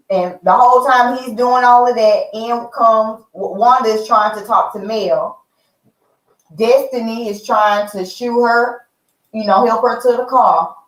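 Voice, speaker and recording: A lively woman vlogger chats with her viewers and calls them "y'all" and "honey." Her voice sits a little high. She is some way from the mic in a roomy, echoing space. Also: a little slow, distant mic. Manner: animated, chatty, addresses viewers as y'all and honey. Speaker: reality TV review vlogger. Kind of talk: casual chat.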